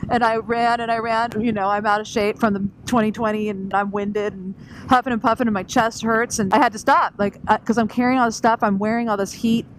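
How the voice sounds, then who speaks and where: A woman vlogging from her scooter while riding, telling a story in a lively way, acting out what people said and laughing often. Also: fairly high pitch, a little fast. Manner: animated, laughing, acts out quotes. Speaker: scooter rider vlogging on the road. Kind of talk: casual storytelling vlog. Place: on a scooter on the open road. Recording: wind and engine noise.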